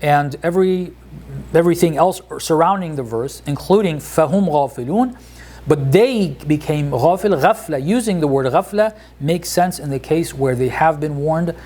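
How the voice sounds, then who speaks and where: A man's voice: a little high, moderate pace, a little mellow. Man explaining scripture grammar, hesitant. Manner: explanatory, hesitant, many fillers and restarts. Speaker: Quran teacher. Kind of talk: informal lesson on Quranic grammar.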